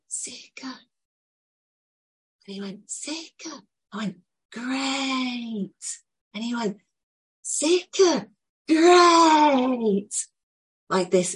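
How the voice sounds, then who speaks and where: A woman telling an emotional personal story to a group, earnest and full of pauses. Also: on the low side, a little mellow, slightly rough. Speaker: group participant sharing a story.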